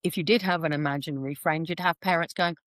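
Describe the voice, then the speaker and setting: A woman's voice: low voice, steady tone, fast talker, fairly bright tone, no echo. A woman, a guest explaining things chattily in a podcast interview and acting out quoted voices as she goes. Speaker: intuitive reader, podcast guest.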